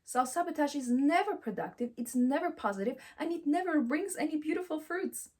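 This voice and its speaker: A woman's voice: sits high, expressive, brisk, darkish tone. A woman giving a motivational self-help talk, emphatic and affirming, who repeats encouraging phrases and speaks English with slightly non-native grammar.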